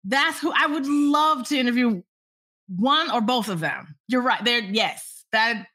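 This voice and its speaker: Thirties woman, journalist guest; bright, high-leaning voice, animated storyteller who laughs often and plays out her quotes. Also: unhurried. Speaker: entertainment journalist. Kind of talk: casual interview storytelling.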